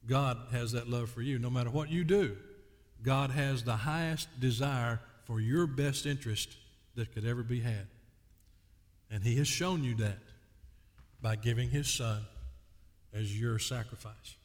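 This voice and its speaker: Slow, emphatic preacher in a reverberant hall. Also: male voice, mid-range voice. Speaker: pastor. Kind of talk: sermon.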